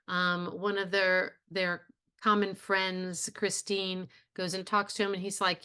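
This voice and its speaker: A woman's voice: mid-range voice, steady tone, slow, fairly bright tone, clear, resonant tone. A woman instructor giving a casual video lecture, retelling a play in a plainspoken way with frequent fillers. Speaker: theatre instructor.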